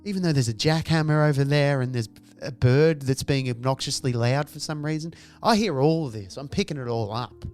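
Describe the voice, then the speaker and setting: A man's voice: medium pitch, fairly quick, hardly any pauses, darkish tone, soft background music. A man giving a profane, exasperated comic monologue as a podcast host and stand-up comedian. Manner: exasperated ranting, profane, acts out noises.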